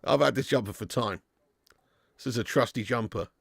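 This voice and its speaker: A man's voice: mid-range voice, moderate pace, gravelly, dry recording. A man hosting a live football watch-along stream, bantering and laughing as he reads out viewer messages.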